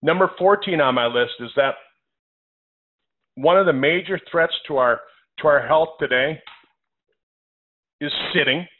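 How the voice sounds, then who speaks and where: A doctor with a fairly high voice hosts a health conference call, going through numbered points unhurriedly and with long pauses. He's emphatic, hammering his phrases through repetition, and the audio is thin and narrow like a phone line.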